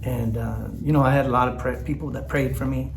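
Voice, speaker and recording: A man's voice: medium pitch, fairly even intonation, brisk, creaky, reverberant, a little hiss or hum. A man talks candidly in a personal vlog, teary and rambling, with lots of fillers and restarts. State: teary, choked up. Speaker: vlogger. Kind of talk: emotional personal vlog talk.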